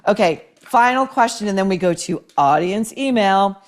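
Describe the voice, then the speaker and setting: A woman's voice: mid-range voice, animated, normal speed. A woman hosting a show, reading viewer mail and advice letters aloud and reacting with blunt, sarcastic commentary full of swearing. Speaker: host.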